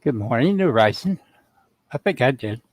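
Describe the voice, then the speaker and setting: A man co-hosting a casual chat, adding brief, relaxed comments from off to the side. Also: medium pitch, moderate pace, no echo. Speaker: co-host off to the side.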